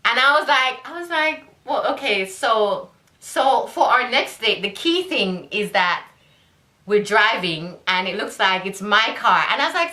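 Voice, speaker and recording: A woman from Jamaica with a Jamaican accent, telling a dating story to camera in an animated way, laughing often and throwing in rhetorical asides. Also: medium pitch, a little slow, reverberant. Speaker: vlogger.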